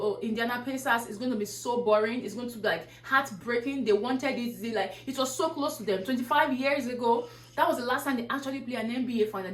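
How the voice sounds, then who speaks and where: Earnest woman vlogger in an echoey room. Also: fairly high pitch. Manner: preachy, repeats rhetorical questions. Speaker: YouTuber giving motivational talk. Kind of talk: casual motivational vlog.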